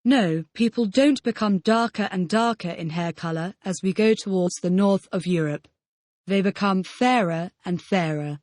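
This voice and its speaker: This is a woman reading model answers for a scripted language lesson, restating each question as a full-sentence answer in the role of the drilled student. Her mid-range voice is a little mellow and moves at normal speed. Studio quality, no room sound.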